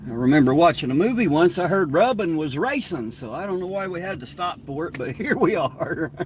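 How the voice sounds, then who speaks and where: His voice runs a bit high, animated and quick, with a southern Ohio drawl as he rambles folksily on a live stream from his car at night. The tone stays relaxed, and the distant mic lets in a little road hum.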